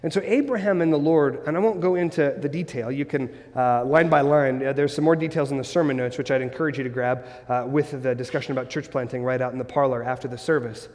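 A man's voice: medium pitch, fast talker, hardly any pauses, a little mellow. A man preaching a sermon as the church's pastor, earnest and building his points through strings of rhetorical questions. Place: church sanctuary. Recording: long reverb of a church hall.

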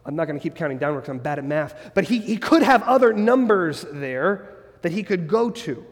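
A male pastor preaches in an earnest, searching way, stacking up rhetorical questions. His voice sits high for a man. It rings out with the long reverb of a church sanctuary. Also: sing-song, brisk. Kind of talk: sermon.

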